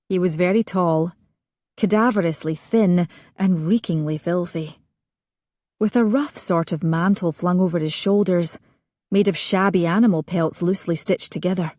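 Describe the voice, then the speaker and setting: Lady narrating a romance audiobook, measured, lower voice, dry studio sound. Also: darkish tone, dry recording.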